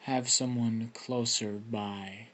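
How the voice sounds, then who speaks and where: A man voicing a rigid, accusing teenage class representative in a deliberately silly voice. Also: mid-range voice, steady tone, a bit bright. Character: rigid, accusing young male class rep.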